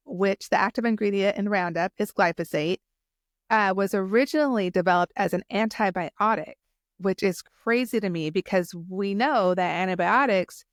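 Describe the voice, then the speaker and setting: A woman's voice: medium pitch, no echo, studio quality. A woman hosting a solo podcast, talking casually and enthusiastically, rambling with many restarts and fillers. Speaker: podcast host.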